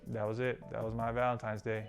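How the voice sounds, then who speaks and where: Flat matter-of-fact student guy. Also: mid-range voice, quick pace, creaky, faint music behind. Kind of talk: comedic street interview.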